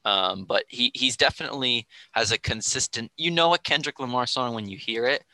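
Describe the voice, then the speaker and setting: A man's voice: medium pitch, brisk, pushed and bright, no room sound, low-quality recording. A man in a casual podcast conversation, explaining rap to the host in a thoughtful way. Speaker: guest explaining rap music.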